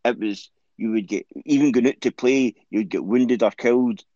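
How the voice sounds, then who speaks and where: A man's voice: medium pitch, normal speed, mellow, no room sound. Scottish male co-host, rambling sweary banter, dull dry close-mic sound. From Scotland. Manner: rambling, stumbles and restarts, laughs a lot. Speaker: podcast co-host. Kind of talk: casual sweary chat.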